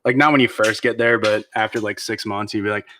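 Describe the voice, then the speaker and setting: A man's voice: on the low side, fairly even intonation, fairly quick, pushed and bright, slight background noise. A man co-hosting a podcast, telling stories in a casual, profane chat. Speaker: podcast co-host.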